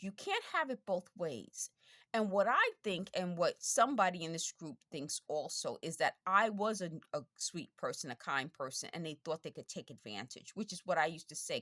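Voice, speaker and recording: A woman's voice: on the low side, dry recording. A woman from the United States talking straight to camera in a casual monologue, insistent and repeating her points, her voice strained from talking over noise. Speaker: video blogger.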